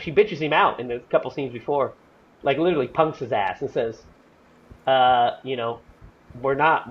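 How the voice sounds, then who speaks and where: A man hosting a casual movie discussion, animated and profane, acting out lines from scenes as he talks. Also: mid-range voice. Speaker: podcast host. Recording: slightly dull audio with faint noise.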